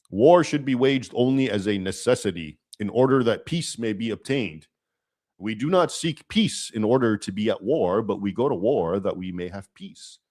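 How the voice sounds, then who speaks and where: A man's voice: on the low side, darkish tone. A man hosting a livestream, explaining in a lecturing manner and often checking in with "okay?". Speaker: livestream host.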